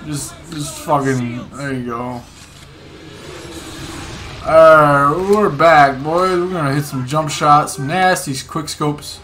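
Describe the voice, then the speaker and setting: A young man streaming a game, excitedly commenting, swearing and repeating words to himself. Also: on the high side, slow pace, slight background noise. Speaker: gaming streamer. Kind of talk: casual gameplay commentary.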